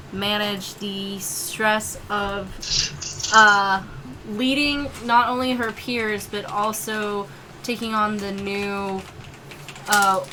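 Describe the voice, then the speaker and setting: A woman player chatting casually at a tabletop game, speaking haltingly and laughing often. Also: mid-range voice, sharp tone. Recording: noisy home mic.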